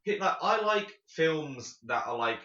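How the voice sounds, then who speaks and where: A man's voice: on the high side, animated, unhurried, sharp tone. Blunt, dry-talking man in a roomy space. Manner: blunt, dry, swears casually. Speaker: podcast co-host. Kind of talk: casual chat. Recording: dull lo-fi sound in a roomy space.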